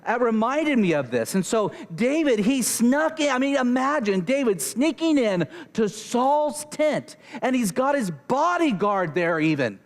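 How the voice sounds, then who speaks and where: A young man delivering a sermon in an animated storytelling manner, his voice sitting notably high for a man. He acts out the conversations in his story. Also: unhurried, hardly any pauses. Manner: animated, acts out characters and dialogue. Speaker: pastor.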